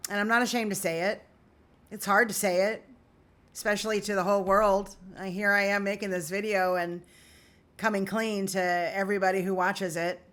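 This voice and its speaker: A woman's voice: mid-range voice, fairly even intonation, normal speed, a bit bright. Earnest woman confessing to camera. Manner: earnest and confessional, talks straight to viewers. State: emotional. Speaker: vlogger. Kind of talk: candid personal vlog.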